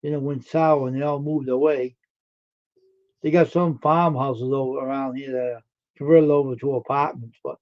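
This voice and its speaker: A man hosts a casual live stream and chats with his viewers in a folksy, rambling way. His voice sits a little high for a man. The audio is dull and lo-fi. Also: a little mellow. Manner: folksy, chatty, answers chat comments.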